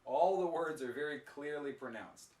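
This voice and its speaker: A man teaching an English pronunciation lesson, speaking slowly and clearly with careful pronunciation. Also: a little high, darkish tone, roomy sound, far from the mic.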